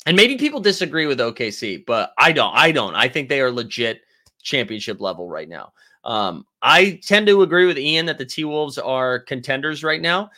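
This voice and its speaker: A man talking loosely to a live chat as he hosts a basketball stream. His voice sits at an ordinary middle pitch, and he rambles, restarts and answers viewers by name in an easy, conversational way. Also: very animated, normal speed, sharp tone. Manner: rambling, talks to his chat, reads viewer comments aloud. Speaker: sports livestream host. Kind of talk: casual chat.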